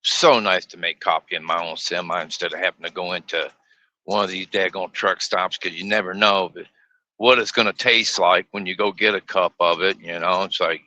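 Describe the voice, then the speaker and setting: A man's voice: low voice, fairly even intonation, normal speed, pushed and bright, no room sound, muffled recording. A man streaming live from his truck, chatting in a folksy, grumbling way and laughing often. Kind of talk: casual live-stream chat. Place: inside a semi truck cab.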